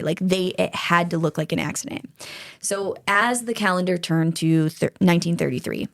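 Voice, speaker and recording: A woman co-hosting a podcast, telling a true crime story in a casual, animated way, swearing freely and laughing as she goes. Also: lowish voice, creaky.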